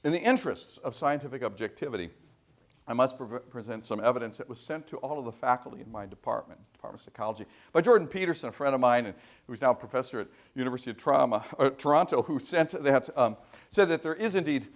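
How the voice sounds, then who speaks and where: A man giving a university lecture, telling anecdotes in an animated way with frequent restarts. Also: medium pitch, fast talker. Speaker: professor giving a guest lecture.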